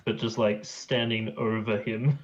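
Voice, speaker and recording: A man's voice: fairly low pitch, fairly even intonation, measured pace. A man playing in a tabletop game, talking in a laid-back, direct way. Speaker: player. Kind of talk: casual chat. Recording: dull muffled mic, faint noise.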